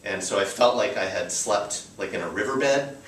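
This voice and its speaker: A man's voice: fairly low pitch, normal speed, a bit bright. An American man in his thirties tells a personal story to a live audience in a loose, chatty way, full of fillers. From United States. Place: live storytelling show venue. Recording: roomy live venue, distant mic.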